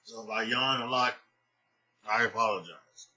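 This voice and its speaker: A man's voice: lowish voice, moderate pace, dull audio, heavy background noise. A tired man hosting a casual solo sports podcast, rambling through his picks with many fillers and restarts. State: tired, sleepy. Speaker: podcast host.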